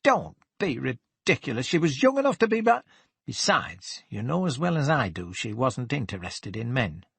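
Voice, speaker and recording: A man's voice: mid-range voice, big pitch swings, moderate pace, vocal fry, a bit bright, breathy edge, dry recording, full character voice. A man voicing a flustered, defensive older man. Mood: indignant. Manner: hesitant, flustered, then indignant. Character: nervous older man, general manager, defensive.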